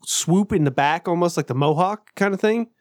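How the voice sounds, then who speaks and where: A man's voice: high-pitched, normal speed, a little mellow, dry recording, clean studio sound. A man in casual chat, rambling and restarting his sentences as he looks things up. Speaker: podcast co-host.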